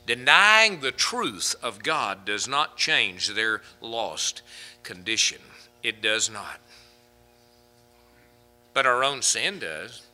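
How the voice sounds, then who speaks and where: A man's voice: mid-range voice, sing-song, takes it slowly, pauses often, sharp tone, faint music behind. A man preaching a sermon from the pulpit, rising to fervent, emphatic peaks as he drives his points home. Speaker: pastor.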